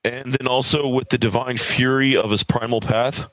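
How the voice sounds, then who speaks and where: A man's voice: mid-range voice, steady tone, moderate pace, a bit bright, no room sound, poor audio. A man from California who runs a tabletop game, narrating scenes with lots of fillers and self-corrections. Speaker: game master.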